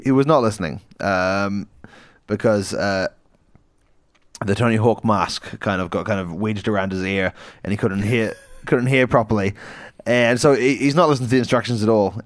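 A man's voice: fairly low pitch, moderate pace, dry recording, studio quality. A man co-hosting a comedy podcast, rambling through an improvised story with fillers, restarts and giggles.

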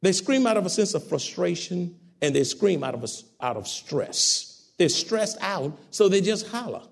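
Fervent preacher with a gravelly voice. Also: male voice, very animated, normal speed. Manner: fervent, swings from loud exhortation to soft, low asides. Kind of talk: sermon.

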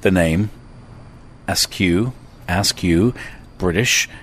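A man's voice: sits low, very slow, fairly bright tone, slight background noise. A man from Ireland hosting a food show, interviewing a chef in a restaurant in a chatty, playful way. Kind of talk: casual interview.

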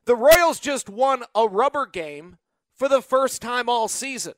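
A man hosting a postgame sports radio show, talking excitedly and animatedly about the win and taking calls from a studio microphone. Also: extremely high pitch, measured pace, no room sound. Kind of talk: postgame call-in show talk.

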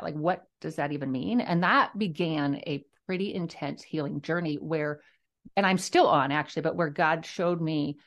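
Low-voiced woman telling her testimony. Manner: earnest, reflective storytelling with many restarts. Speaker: guest author sharing her testimony. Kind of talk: personal testimony in a podcast interview.

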